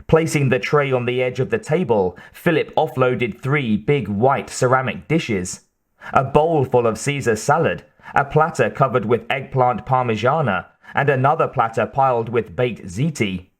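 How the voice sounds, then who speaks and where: A man narrating an audiobook in a measured, steady way. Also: mid-range voice. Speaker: audiobook reader.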